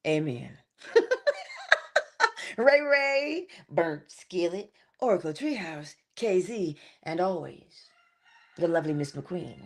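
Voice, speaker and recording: A middle-aged woman hosting a morning inspiration livestream, giving a spiritual talk in an animated, preacher-like way with laughs and asides. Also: on the low side, slow pace, long pauses. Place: home, early morning.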